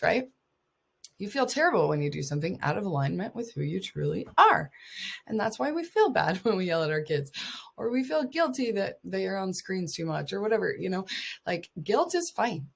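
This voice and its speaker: Brief: woman life coach, low husky voice with some fry, encouraging and earnest, laughs a lot. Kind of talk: casual coaching talk to mothers.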